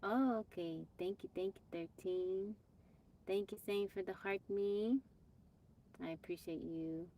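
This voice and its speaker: A woman's voice: medium pitch, steady tone, a little slow, dark tone. A woman from Texas hosting a casual livestream on her phone, chatting with viewers, greeting them by name and brushing off trolls plainly. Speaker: livestream host. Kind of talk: casual live-stream chat. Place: off-grid home.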